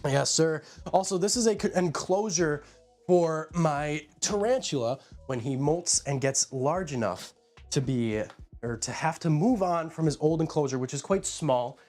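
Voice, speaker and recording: A man's voice: on the high side, expressive, unhurried, darkish tone, soft background music. A man casually chatting on a live stream from a room at home, rambling as he greets viewers by name. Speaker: live streamer showing his pet enclosures.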